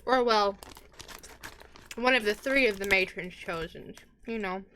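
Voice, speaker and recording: A woman's voice: mid-range voice, measured pace, bright, forceful tone, a little hiss or hum. A woman game master voicing a sulky, devout male tavern keeper in a tabletop game, talking casually and a little pouty.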